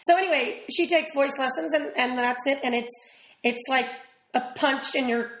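A woman chatting casually as a guest in an interview, rambling with quick asides. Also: high voice, a bit bright, echoey room, poor audio. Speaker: actress guest.

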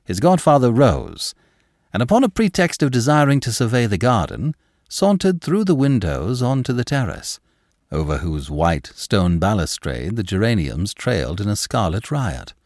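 Narrating a classic novel, this male audiobook reader tells the story in a measured, expressive way. His voice is on the low side, with clean studio sound and no room sound.

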